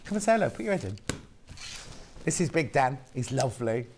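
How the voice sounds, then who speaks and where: A man's voice: mid-range voice, big pitch swings, fairly quick, a little mellow, slight background noise. A man presenting on a live TV shopping channel in a chatty, camp manner, with a British accent, reading out viewer messages between product details. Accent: British English. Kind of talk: live TV sales chat. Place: TV studio.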